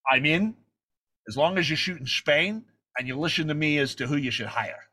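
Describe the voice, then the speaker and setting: A grand older film star, put on by a man in the middle of a story. He speaks in slow, weighty pronouncements. The voice is bright and lowered below the teller's own. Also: expressive. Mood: commanding.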